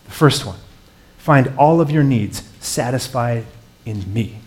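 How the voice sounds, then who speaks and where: Male pastor, earnest conversational sermon, swells into emphasis, mid-pitched voice. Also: animated, slow.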